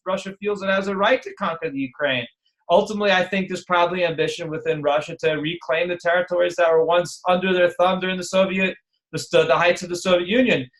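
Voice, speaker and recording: With a slightly high, somewhat bright voice, a middle-aged man gives a casual online lecture. He chats and wanders off on tangents, imitating other people's voices along the way.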